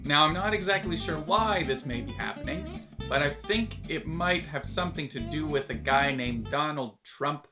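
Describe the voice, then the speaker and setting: A man's voice: on the high side, lively intonation, normal speed, over music. A man from Canada, ranting jokingly to camera as a YouTuber, sarcastic and casually swearing. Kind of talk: comedic vlog rant.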